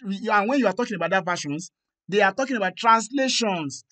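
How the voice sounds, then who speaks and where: A man's voice: high-pitched, animated, quick pace, sharp tone. A man hosting a confrontational debate, pressing his caller with repeated, insistent questions. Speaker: host.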